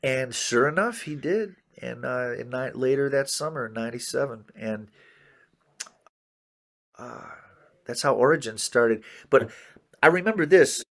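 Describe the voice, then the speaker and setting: A man in his fifties telling animated stories as an interview guest, often saying "man" and "you know" and acting out other people's words. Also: mid-range voice, measured pace, long pauses. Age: 50s. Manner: acts out others' words in quoted dialogue. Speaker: interview guest, jazz musician. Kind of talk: conversational storytelling interview.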